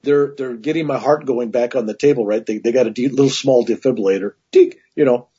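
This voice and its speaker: Very husky man telling a rambling story. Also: medium pitch, brisk, dark tone. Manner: rambling, with frequent restarts and asides. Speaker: guest telling a personal story. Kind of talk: casual spoken storytelling. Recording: dull lo-fi recording.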